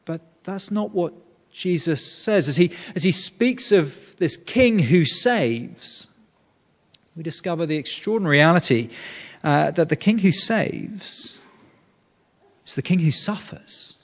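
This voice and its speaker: Earnest preacher in a reverberant hall. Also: male voice, a little high, expressive, slow pace. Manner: earnest, explanatory, with frequent restarts. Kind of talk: sermon.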